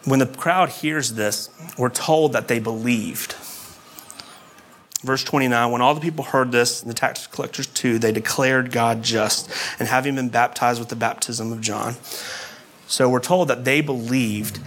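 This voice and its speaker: Guy preaching a sermon, chatty and relaxed, medium voice, a little faint hiss behind. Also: mid-range voice, measured pace. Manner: conversational preaching with asides. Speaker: pastor.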